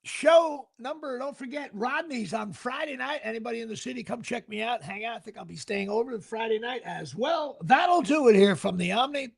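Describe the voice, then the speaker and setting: Middle-aged guy hosting a podcast, kinda high voice with lots of gravel, rambly and laid-back. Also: animated, moderate pace, few pauses. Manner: laid-back, rambling, plugs his gigs. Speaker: podcast host. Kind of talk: casual podcast chat.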